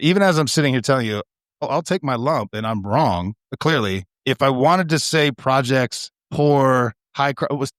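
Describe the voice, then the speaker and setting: A man co-hosting a podcast, telling stories in an animated, swearing, laughing casual chat. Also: medium pitch, dry recording, clean studio sound. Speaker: podcast co-host.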